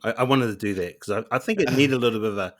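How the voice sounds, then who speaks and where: A man's voice: medium pitch, rapid-fire. A man co-hosting a casual podcast, teasing the others and singing little jingles. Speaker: podcast co-host. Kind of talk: casual chat.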